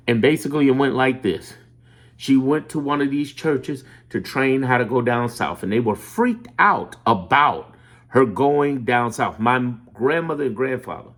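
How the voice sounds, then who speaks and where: A man from Chicago talking in a loose, animated monologue, rambling, swearing and laughing as he tells stories. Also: mid-range voice. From Chicago, USA. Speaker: political commentator. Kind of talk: casual monologue.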